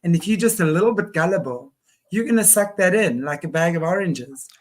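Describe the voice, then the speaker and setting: A woman hosting an interview, talking through her thoughts in a reflective, measured way. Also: lowish voice, expressive. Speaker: host. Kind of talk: conversational interview.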